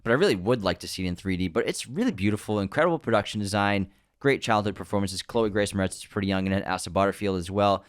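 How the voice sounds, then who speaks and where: A man's voice: fairly low pitch, fast talker, dry recording, clean studio sound. A man co-hosting a casual film podcast, enthusiastically recommending movies. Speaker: podcast co-host.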